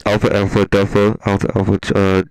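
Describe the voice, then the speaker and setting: A man voicing a bossy male agent who barks orders loudly over a comedic gaming stream. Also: fairly low pitch, monotone, fairly quick, slight background noise, lightly acted. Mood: commanding. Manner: loud, commanding.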